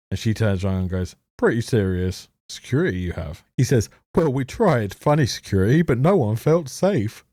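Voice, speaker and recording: Profane sarcastic man ranting, mellow low voice. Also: no echo, studio quality. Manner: sarcastic, heavily profane, mocking laughs. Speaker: TV reviewer. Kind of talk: ranting commentary over a show.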